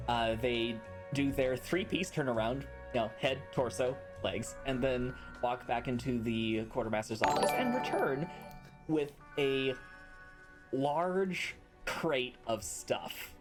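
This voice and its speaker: A man narrating as game master in a relaxed, rambling way. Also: medium pitch, slow pace. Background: music.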